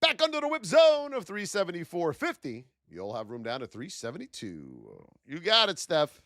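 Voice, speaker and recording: A man's voice: on the high side, wildly swooping pitch, normal speed, fairly bright tone, dry recording, studio quality. A man in his thirties hosting a live trading stream, hyped up, calling out viewers' names and calling them his beauties. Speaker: trading educator and livestream host.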